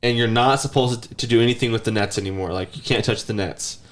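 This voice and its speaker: A man's voice: medium pitch, quick pace. A man in his thirties chats on a podcast with loose, rambling storytelling. His voice sits in an ordinary middle register. Now and then he slips into a whiny child's voice. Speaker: podcast host. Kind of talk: casual chat.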